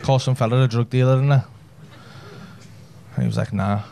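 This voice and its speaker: A man's voice: medium pitch, steady tone, moderate pace, gravelly, background noise. A man, telling a brash, sweary story in a stand-up set. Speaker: stand-up comedian. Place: comedy club stage with audience laughter.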